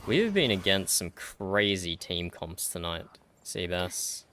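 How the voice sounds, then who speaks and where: A man's voice: low voice, sing-song, slow pace, pushed and bright, a little hiss or hum. A man with an Australian accent chatting in a laid-back way while playing a game, swearing casually. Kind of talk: casual chat while gaming. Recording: stream audio with music. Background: clear music.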